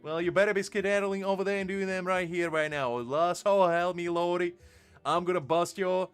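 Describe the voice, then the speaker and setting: A man's voice: high voice, fast talker, smooth, soft background music, pitched above the performer's own voice, natural voice. A man putting on an exaggerated cowboy drawl, playing a blustering old-West cowboy with folksy threats. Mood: blustery.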